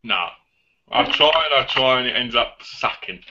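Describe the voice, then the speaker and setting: A joking English man chatting with friends in a very bright, sharp voice. He is self-deprecating and teasing. The recording is dull and lo-fi. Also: medium pitch, expressive, moderate pace. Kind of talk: casual chat.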